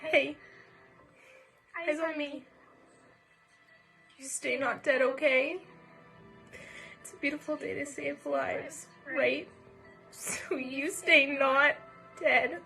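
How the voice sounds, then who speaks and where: Brief: a young doctor woman, very high, slow and soft. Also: fairly even intonation, vocal fry, soft background music, heavily acted, poor audio. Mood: pleading calm. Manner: soft, insistent, reassuring. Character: young woman doctor calming a hurt colleague.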